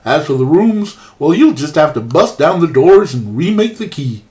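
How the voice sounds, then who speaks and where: A man's voice: fairly high pitch, big pitch swings, moderate pace, warm tone. Man doing a hammy Canadian woodsman. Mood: hearty. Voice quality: bad put-on Canadian accent. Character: jolly old male Canadian woodsman, hearty. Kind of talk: reading game text aloud in a voice.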